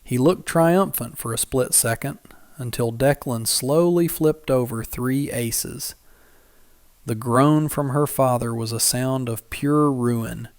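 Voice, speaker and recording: A man reads a Western tale in a measured, dramatic storytelling manner, his voice at an ordinary pitch. The recording is very dry and close, with no room sound. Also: no echo. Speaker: narrator. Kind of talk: scripted story narration.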